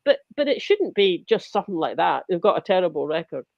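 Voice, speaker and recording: A woman co-hosting a political podcast, talking in an animated, chatty way and doubling up words as she gets going. The recording is dry and close, with a dull, slightly lo-fi tone. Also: fairly low pitch, quick pace, gravelly, no echo. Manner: animated, repeats words when starting a thought. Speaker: podcast co-host. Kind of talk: casual political chat.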